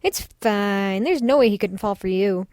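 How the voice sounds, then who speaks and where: A woman reading a visual novel aloud, voicing a bubbly, bossy teenage schoolgirl with a pushy, excited delivery. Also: medium pitch, moderate pace, no echo, close to an everyday voice. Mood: teasing.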